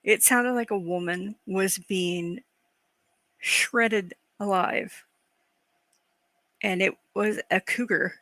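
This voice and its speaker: Bright, crisp-voiced woman chatting. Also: medium pitch, no echo. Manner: expressive, quick to laugh at her own stories. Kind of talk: casual chat.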